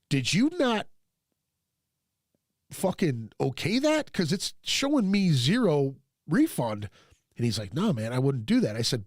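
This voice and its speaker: A man's voice: on the high side, no room sound, clean studio sound. A man hosting a podcast, telling a story in a casual, profane way and acting out what people said. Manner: profane, animated, quotes people in his own voice. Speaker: podcast host.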